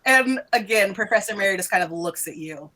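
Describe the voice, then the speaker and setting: A woman's voice: mid-range voice, expressive, fairly quick, sharp tone. A woman narrating as game master of a tabletop role-playing game, talking loosely with lots of "like" and laughter. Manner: loose, chatty, full of "like" and laughs.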